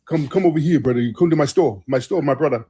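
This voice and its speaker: A man's voice: a little high, fast talker, warm tone, husky. A man voicing a pushy male street hustler who keeps calling passers-by into his store with repetitive, wheedling patter. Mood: coaxing.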